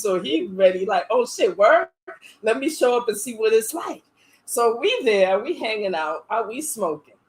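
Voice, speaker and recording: A woman podcast host telling a story in casual, profane chat, animatedly acting out the other people in it. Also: a little high.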